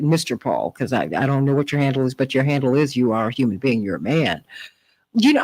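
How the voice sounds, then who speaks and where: Animated woman radio host. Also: rough recording. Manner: animated storytelling, rising pitch in quotes. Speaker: radio talk show host. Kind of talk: call-in radio talk. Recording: radio broadcast.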